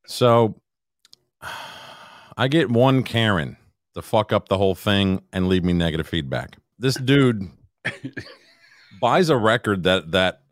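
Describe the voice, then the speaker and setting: A man's voice: fairly low pitch, slow pace, pauses often, dry recording, studio quality. A middle-aged man co-hosting a podcast, ranting and swearing in casual chat. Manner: ranting, profane, deadpan mock radio voice. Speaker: podcast co-host.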